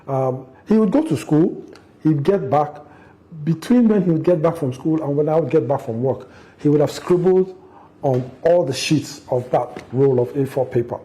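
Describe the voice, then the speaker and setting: A middle-aged man, telling a family story in an interview, animated and acting out the quotes, with frequent restarts. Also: fairly high pitch, normal speed. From Nigeria. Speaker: interview guest, father.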